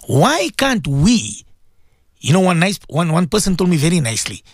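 A man's voice: sits high, big pitch swings, normal speed, dry recording, studio quality. A man presenting a radio show, preaching with passion to his listeners, repeating himself and firing off rhetorical questions. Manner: impassioned, repeats words, many rhetorical questions.

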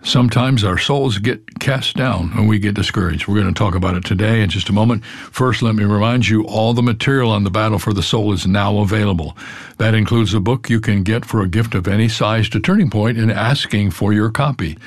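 A pastor giving an earnest, storytelling sermon. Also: male voice, on the low side, brisk, studio quality. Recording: roomy hall reverb.

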